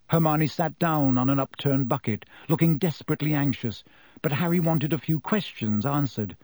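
A man's voice: fairly high pitch, normal speed, a little mellow, no echo. A man reading a children's fantasy novel aloud as narrator, telling the story expressively. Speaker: audiobook narrator. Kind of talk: scripted narration.

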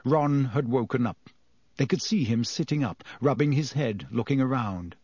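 A man narrating an audiobook with an expressive delivery. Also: mid-range voice, moderate pace, husky, no echo, studio quality. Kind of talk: audiobook reading.

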